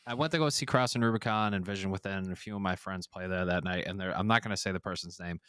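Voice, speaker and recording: A fairly low-pitched man talks in a bright, smooth, resonant voice, recorded dry and close. He tells his story loosely, with lots of fillers and frequent swearing. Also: fast, no room sound. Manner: rambling, profane, many fillers. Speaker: podcast guest, musician. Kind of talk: casual storytelling.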